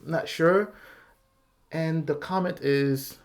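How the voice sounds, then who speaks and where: A man's voice: fairly high pitch, moderate pace, a little mellow. Nervous, rambling male vlogger. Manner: rambling, apologetic and self-conscious, with nervous laughs. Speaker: YouTube channel host. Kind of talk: casual giveaway vlog with screen recording.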